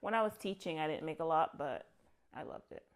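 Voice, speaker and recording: A woman's voice: low voice, expressive, fairly quick, clear, resonant tone. A woman co-hosting a casual comedy chat, asking questions and teasing her partner. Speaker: podcast co-host.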